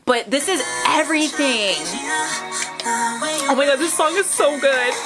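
A young woman hosting a music video reaction, gushing with excited squeals and gasps as loud music plays behind her. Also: high-pitched, measured pace. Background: loud music video playing.

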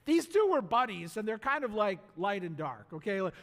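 A male pastor preaching a sermon in a church, animated, asking the congregation questions and acting out voices. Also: high-pitched, normal speed, hardly any pauses. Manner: animated, acts out voices and asks the crowd rhetorical questions. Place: church sanctuary. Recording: long hall reverb in a church.

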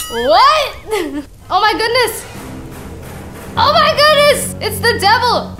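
Excitable high-voiced woman gaming. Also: slow, soft background music. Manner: excitable, exclamatory, giggly. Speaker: gaming channel host. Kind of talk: gaming commentary.

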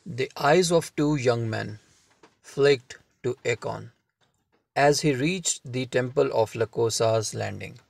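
A man narrates a novel at an unhurried pace, his voice carrying a gravelly edge. He reads in a measured way and lets the pauses sit. The sound is close and dry, with no room around it. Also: mid-range voice, no echo. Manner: slow, measured reading with deliberate pauses. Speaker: audiobook narrator. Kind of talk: scripted audiobook narration.

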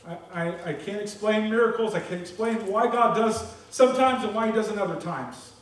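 A man's voice: sits high, moderate pace, slight background noise. A man pastor giving an earnest, candid sermon with a personal testimony, often checking in with "okay?". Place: church sanctuary. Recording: echoey church from far off.

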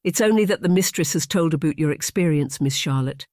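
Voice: mid-range voice, brisk, darkish tone, dry recording, clean studio sound, close to an everyday voice. A narrator voicing a young, earnest Scottish maid who speaks in a broad, old-fashioned brogue, in an audiobook romance.

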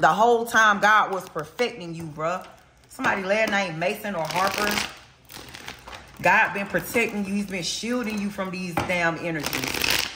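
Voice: mid-range voice, noisy background. A tarot reader giving a casual spiritual reading, talking bluntly with lots of slang and cursing and repeating points for emphasis. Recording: roomy echo.

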